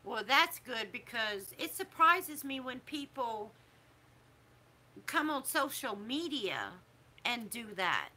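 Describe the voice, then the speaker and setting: A middle-aged woman, talking casually to camera as a vlogger in a disapproving, preachy way with drawn-out emphasis. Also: a little high, very animated, sharp tone. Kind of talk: casual opinion talk to camera.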